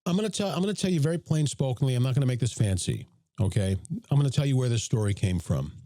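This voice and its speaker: Podcast host, male, hoarse and raspy after a cold, mellow tone, dry close sound. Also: expressive, fast, no echo. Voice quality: deep, raspy. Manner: chatty, blunt, self-promoting. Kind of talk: casual livestream talk.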